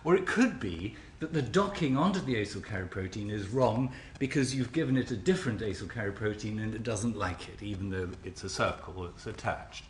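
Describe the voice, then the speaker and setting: A man's voice: fairly low pitch, animated, fairly quick, few pauses, slight background noise. A man giving an academic symposium lecture in a lecture hall, wry and often restarting his sentences. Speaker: scientific speaker. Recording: roomy hall with faint ambience.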